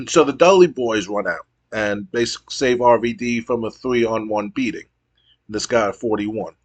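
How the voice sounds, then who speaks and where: A man's voice: mid-range voice, moderate pace. A man narrating a wrestling sim playthrough as a game streamer, giving a play-by-play recap with casual asides.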